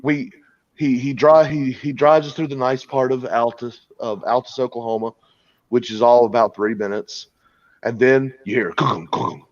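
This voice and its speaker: A man's voice: medium pitch, steady tone, normal speed, dry recording. Crude, rambling male storyteller. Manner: rambling, crude, laughing at his own story. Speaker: podcast host telling a story. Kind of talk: casual storytelling. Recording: dull lo-fi sound, dry.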